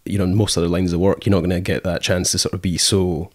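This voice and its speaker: A man's voice: deep voice, little pitch movement, fast talker, dry recording, clean studio sound. A Scottish man in casual conversation, rambling with many fillers and acting out quoted thoughts as he tells stories. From Scotland. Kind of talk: casual chat.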